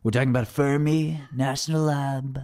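A man's voice: medium pitch, steady tone, normal speed, darkish tone, no echo, studio quality. A man giving rambling, sarcastic livestream commentary, mocking and wandering off topic.

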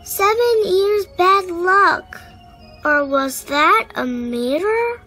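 Lady doing a sleepy little girl from a picture book, super high voice, slow and exclaiming. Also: animated, sharp tone, soft background music, full character voice. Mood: startled. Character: sleepy curious young girl Goldie.

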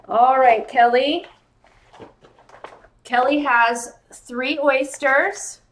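Her voice is on the high side, slow, with long pauses and a little hiss or hum in the audio. She's hosting a casual live-stream jewelry sale late at night, gushing and excitable, naming viewers, giddy and tired.

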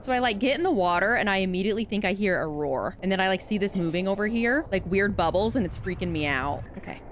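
A woman's voice: mid-range voice, lively intonation, fast talker, a little hiss or hum. A young woman giving live commentary on her own gameplay from a home setup. She is anxious and jittery, swears freely, and talks to herself through the tense moments. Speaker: gaming video creator.

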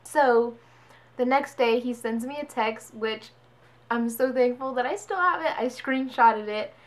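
A woman's voice: fairly high pitch, measured pace. Chatty young woman vlogger. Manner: chatty, animated quoting of others. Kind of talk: casual storytime.

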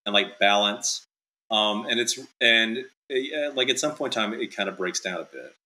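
A man's voice: fairly low pitch, normal speed, pushed and bright, low-quality recording. A male author being interviewed in casual chat, talking in loose, rambling sentences full of "like" and "um". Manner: rambling, heavy with fillers like "like" and "um".

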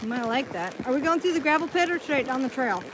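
Woman, high voice, outdoors on horseback, chatty and sing-song, phone mic, noisy wind and hooves behind. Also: animated, fast talker. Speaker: vlogger streaming live. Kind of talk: casual live-stream chat.

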